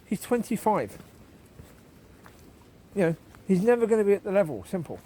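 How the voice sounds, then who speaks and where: A man's voice: sits high, very animated, moderate pace, warm tone. A man chatting casually while walking outdoors at night, opinionated and repeating his points, often chuckling. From United Kingdom. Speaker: vlogger. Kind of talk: casual walk-and-talk chat.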